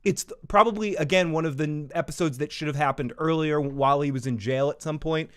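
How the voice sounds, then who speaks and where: A man's voice: on the high side, fast, fairly bright tone, clean tone. A man co-hosting a casual review show, heaping sarcastic fake praise and laughing often. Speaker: co-host.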